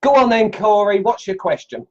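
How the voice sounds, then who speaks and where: A middle-aged Australian man hosting a casual woodcarving livestream from his home workshop, chatty and excitable, laughing as he tests knives and greets viewers. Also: high voice, moderate pace, lo-fi sound. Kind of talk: casual live-stream chat, unboxing and testing knives.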